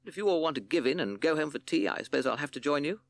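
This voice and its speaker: A man's voice: on the high side, lively intonation, very fast, no room sound, pitched above the performer's own voice. A man voicing a pompous male bird who leads as captain, in a children's storybook reading, with hearty, bossy exclamations. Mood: blustering. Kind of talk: storybook character voice.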